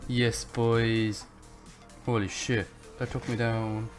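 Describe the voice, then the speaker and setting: Young male gaming host, slow-paced, cusses and mutters to himself mid-game, music bed behind. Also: medium pitch. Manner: excitable, swears often, talks to himself while playing. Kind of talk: live gameplay commentary.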